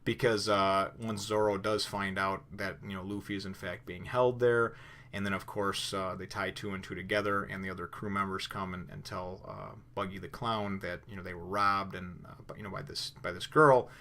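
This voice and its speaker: A man with a fairly low voice gives a casual spoken review. He retells the story in a loose, rambling way. His talk is full of fillers and restarts. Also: flat delivery, moderate pace, pushed and bright, a little hiss or hum. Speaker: comic book reviewer.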